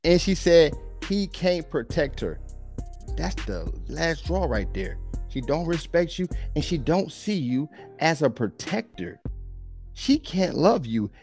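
A man's voice: on the high side, big pitch swings, a little slow, darkish tone, faint music behind. A man hosting a podcast, reacting to clips in a blunt, preachy way. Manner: blunt, preachy, repeats and quotes. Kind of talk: reaction commentary.

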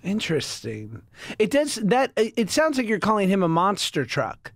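A man with a high voice that leaps all over the place, co-hosting a podcast and riffing on silly hypotheticals. He sounds close to the mic in a dry room. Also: huge pitch swings, no echo. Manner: playful, spins comic hypotheticals and acts out quick voices. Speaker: podcast co-host. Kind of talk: casual chat.

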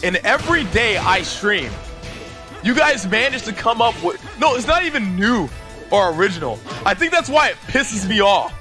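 A young man streaming a game live, loud and exasperated, swearing at his chat and laughing often. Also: high-pitched, big pitch swings, normal speed, over music. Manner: frequent laughter.

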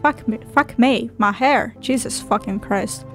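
Over faint background music, a woman streaming a video game reads its dialogue aloud in a fairly high voice, measured and with few pauses, cursing and giggling through cheeky remarks as she plays.

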